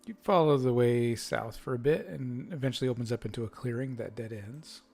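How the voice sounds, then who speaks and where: A man narrating as game master of a tabletop game, describing scenes slowly with many pauses and fillers. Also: mid-range voice, creaky, darkish tone, soft background music. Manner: slow, halting narration with fillers.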